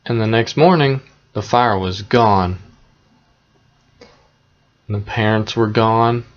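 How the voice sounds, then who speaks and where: A man retelling a fairy tale in a plain, conversational, unhurried way, with small asides to the listener. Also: lowish voice, lo-fi sound. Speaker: storyteller.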